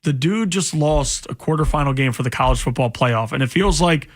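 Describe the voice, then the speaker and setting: Man, sports radio co-host, slightly high voice, blunt, exasperated, studio mic. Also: a little fast. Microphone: studio microphone.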